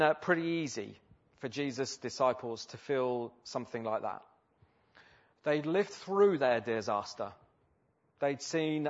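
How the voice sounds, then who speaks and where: A man preaching a sermon in a conversational way, with many fillers and rhetorical questions. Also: mid-range voice. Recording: slightly dull lo-fi recording.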